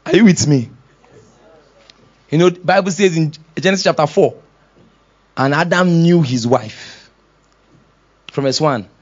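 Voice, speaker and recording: Pastor, man; high, animated preaching that acts out scenes and voices, laughs often; slightly dull lo-fi recording. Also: measured pace, long pauses. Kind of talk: sermon. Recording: dull lo-fi sound.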